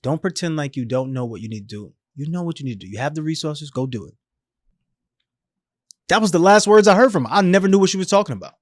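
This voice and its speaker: Brief: man, 30s, podcast guest, lively slangy storyteller, slightly high voice, dry close sound. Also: quick pace, no echo. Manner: animated, emphatic, slangy, acts out quoted voices. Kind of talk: storytelling in a casual interview.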